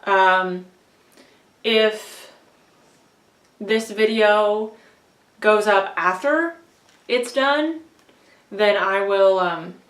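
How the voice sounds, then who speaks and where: A woman's voice: mid-range voice, drawn-out words, long pauses, fairly bright tone. Chatty woman vlogger in an echoey room. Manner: chatty, self-deprecating, laughs often. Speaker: book vlogger and audiobook reader. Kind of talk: casual rambling vlog. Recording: echoey room, voice a bit far from mic.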